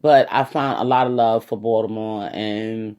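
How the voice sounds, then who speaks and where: A woman's voice: rumbling low, fairly even intonation, moderate pace, a little mellow. A woman with a New York accent, an activist giving a casual, rambling podcast monologue and often saying "you know".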